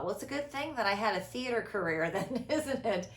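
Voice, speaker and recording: Woman, 50s, host, animated and dramatic delivery, crisp bright tone, echoey room. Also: mid-range voice. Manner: expressive, theatrical, quick shifts between loud and hushed. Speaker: podcast host. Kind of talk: reflective conversational talk.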